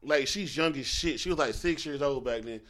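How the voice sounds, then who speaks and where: A young man co-hosting a podcast, talking in animated, slangy banter and laughing often. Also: mid-range voice, normal speed, a little hiss or hum. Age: young adult. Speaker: podcast co-host. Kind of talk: casual chat.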